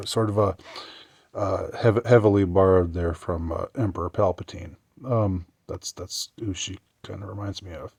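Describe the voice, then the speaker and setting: Low-voiced sarcastic male commentator. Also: steady tone, gravelly, darkish tone, breathy edge, dry recording, studio quality. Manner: sarcastic, halting, many restarts. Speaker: commentary vlogger. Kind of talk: political commentary vlog.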